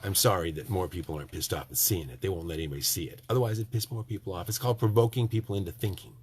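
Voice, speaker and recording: Husky, nasal Michigan man, a tiny house builder preaching to camera in an emphatic monologue that drops into hushed asides. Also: very fast. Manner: emphatic and preachy, swinging from loud outbursts to low, hushed asides. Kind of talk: ranting monologue to viewers.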